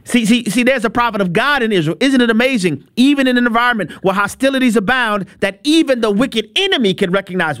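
A man preaching on a radio appeal, emphatic and animated, often repeating words in quick bursts and making playful asides. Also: extremely high pitch, no room sound, studio quality.

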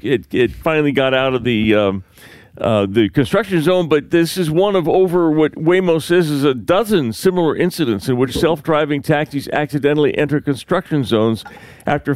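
A man telling a news story on a casual talk show, his pitch rising and falling a lot as he goes. He recaps in a loose, chatty way with filler words, and his voice sounds close and dry. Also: no room sound. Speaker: news segment host.

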